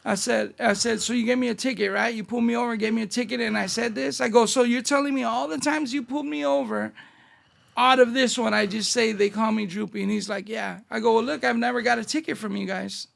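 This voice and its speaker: La guy, middle-aged, raspy fry all over, high-ish voice, telling stories w/ lots of slang. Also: quick pace. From Northeast Los Angeles. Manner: animated street-slang storyteller, acting out dialogue. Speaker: guest. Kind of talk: casual storytelling interview.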